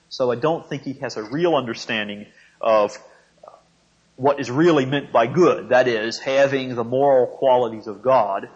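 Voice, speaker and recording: Measured male Bible teacher, lo-fi. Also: medium pitch. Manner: measured, thinking aloud, frequent "uh" pauses. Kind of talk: verse-by-verse Bible lesson. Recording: dull lo-fi recording.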